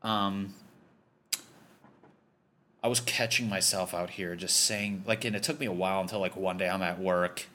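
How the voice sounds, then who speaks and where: A man's voice: low voice, fairly even intonation, moderate pace, long pauses, bright, forceful tone. A young man from Connecticut hosting a podcast, delivering a profane, rambling comedic rant. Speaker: podcast host.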